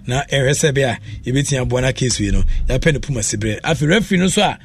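Here a Ghanaian-accented sports radio presenter talks fast in a medium pitch, with slight noise behind him. His casual on-air chatter wanders, sliding back and forth between English and Twi and packed with fillers.

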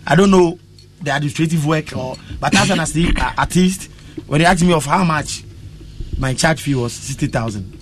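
An animated woman with a Ghanaian accent, a musician chatting as a guest in an interview. She slides easily between talk and chanted phrases. Faint music sits in the background. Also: low-pitched, normal speed. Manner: animated, breaks into chanting and song. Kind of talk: casual interview chat mixing English and Twi.

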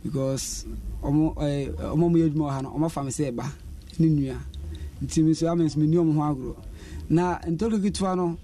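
A man's voice: on the high side, fairly even intonation, a little fast, mellow. A Ghanaian man being interviewed as a radio listener, telling his stories animatedly and mixing in English words. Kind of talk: casual interview in Twi.

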